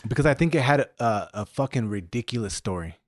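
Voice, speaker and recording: A man's voice: mid-range voice, expressive, brisk, no echo, studio quality. Laid-back swearing male podcast co-host. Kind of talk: casual podcast chat.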